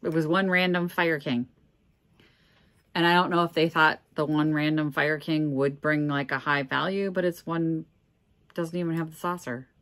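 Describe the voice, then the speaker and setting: A woman's voice: low-pitched, steady tone, normal speed, a bit bright. A middle-aged woman from Minnesota, a reseller chatting casually and candidly with joking asides as she sorts auction finds. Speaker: reseller vlogger. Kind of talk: casual chat.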